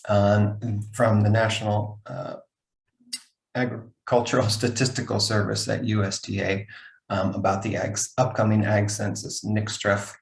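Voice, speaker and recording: A man's voice: on the low side, vocal fry, echoey room, low-quality recording. A man moderating a government webinar panel, talking casually and loosely with frequent fillers. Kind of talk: webinar remarks.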